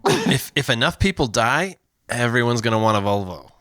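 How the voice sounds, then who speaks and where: A man co-hosting a comedy podcast, excitable and incredulous, laughing often. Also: medium pitch, moderate pace, no echo, studio quality. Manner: excitable, swoops up in disbelief, laughs a lot. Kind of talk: casual comedy podcast chat.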